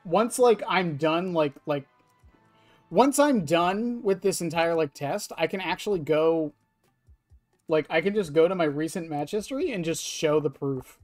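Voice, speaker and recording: A man's voice: a little high, animated, a little slow, a little mellow, soft background music. A young man streaming a game, rambling casually to his chat with lots of fillers and laughs. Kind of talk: casual gameplay commentary to chat.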